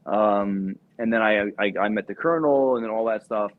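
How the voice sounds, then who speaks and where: A man's voice: fairly low pitch, normal speed. A young adult man, a former Marine recruiter, telling a profane story casually and acting out the voices of the people in it. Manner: animated, profane, acts out quoted voices. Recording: dull lo-fi podcast audio.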